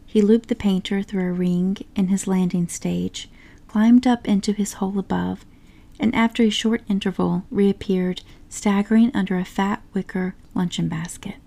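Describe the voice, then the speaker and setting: A woman narrating a storybook in a soft, unhurried whisper. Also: medium pitch, steady tone, vocal fry.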